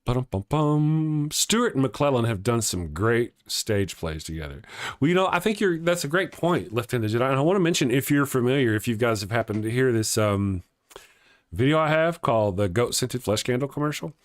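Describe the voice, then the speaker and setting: A man's voice: mid-range voice, lively intonation, a little fast. A middle-aged man hosting a casual livestream morning show, chatting, joking and greeting viewers, laughing often and restarting his words. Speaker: host of a live morning show. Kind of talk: casual livestream chat reading viewer comments.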